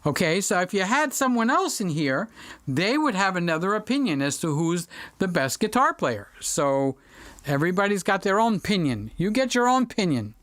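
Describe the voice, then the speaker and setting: A man's voice: high voice, very animated, moderate pace, a bit bright, no echo. A middle-aged man hosting a livestream, reading viewer comments aloud and joking around in casual chat, speaking into a studio microphone. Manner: chatty and joking, drifts off topic. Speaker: livestream host.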